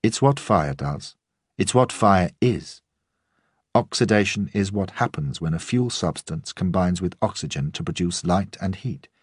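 A man reading a calm, gentle forensic pathologist. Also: deep voice, measured pace, breathy edge, dry recording, clean studio sound, full character voice. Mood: patient. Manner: gentle, explanatory.

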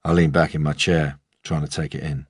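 A man narrating an audiobook in a measured, even manner. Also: a bass voice, slightly rough, no echo, clean studio sound. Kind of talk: scripted narration.

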